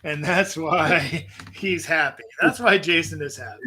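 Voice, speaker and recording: Bright-voiced wry man co-hosting. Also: on the high side, a little slow, slight background noise. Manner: laughing, wry, swears casually. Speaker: podcast co-host. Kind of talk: casual comedic chat.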